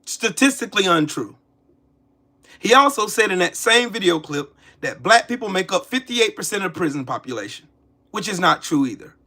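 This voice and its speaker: Forties male streamer, heated and cursing, raised pitch, sharp edgy tone. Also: very animated, moderate pace. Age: 40s. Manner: profane, heated, repetitive. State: pissed off with a headache. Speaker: political commentary streamer. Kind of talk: angry ranting commentary.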